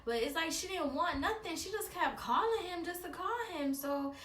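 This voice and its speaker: A woman's voice: very high voice, expressive, normal speed, fairly bright tone. A woman vlogger telling a personal story in a chatty, slangy way, talking straight to her viewers. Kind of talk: casual storytime. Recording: echoey room, distant mic, faint hiss.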